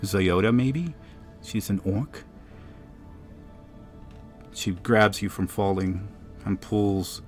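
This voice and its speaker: A man's voice: fairly low pitch, very slow, pauses often, soft background music. A man narrating a tabletop game as game master, describing scenes dramatically.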